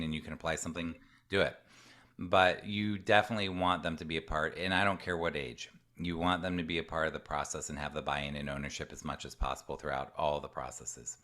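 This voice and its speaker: A man with a low voice talks parents through a coaching presentation. He speaks in an earnest, conversational way. Now and then he slips into short voices of a parent or a child. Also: a bit bright. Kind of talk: online presentation with Q&A. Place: home room with a door.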